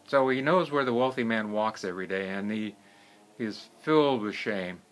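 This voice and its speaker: Male herbalist, low-pitched, relaxed storyteller whose phrases trail off softly. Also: normal speed. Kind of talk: casual storytelling.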